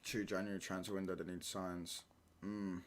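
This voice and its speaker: A man's voice: deep voice, little pitch movement, normal speed. A young man chatting casually on a football watchalong stream, reading chat and bantering in slang with stop-start restarts.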